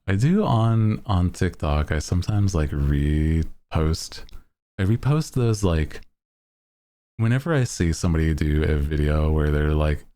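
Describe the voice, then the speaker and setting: A man streaming as a VTuber, chatting casually to his viewers in a deep voice, rambling and laughing often. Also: expressive, measured pace, mellow.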